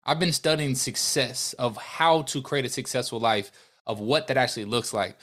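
A man's voice: medium pitch, fairly even intonation, normal speed, fairly bright tone. Young male podcast guest, earnest and emotional storyteller, mid-range voice. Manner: earnest, emotional storytelling with many restarts and quoted dialogue. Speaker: podcast guest, business owner.

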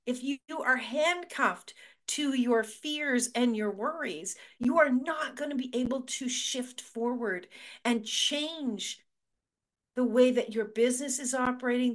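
A middle-aged woman hosting a motivational talk show, speaking earnestly and repeating words for emphasis. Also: high-pitched. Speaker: show host.

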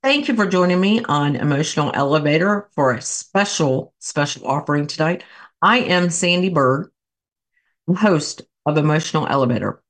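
Loud, encouraging woman host. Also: low-pitched, lively intonation, moderate pace. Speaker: host and life coach. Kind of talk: guiding a breathing exercise.

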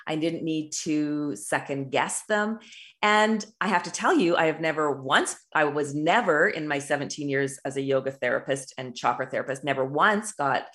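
A middle-aged woman with a notably low-pitched voice speaks as an intuitive business coach. She talks earnestly in a loose, rambling way, often restarting her sentences and checking in with "right?". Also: normal speed, fairly bright tone. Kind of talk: casual monologue.

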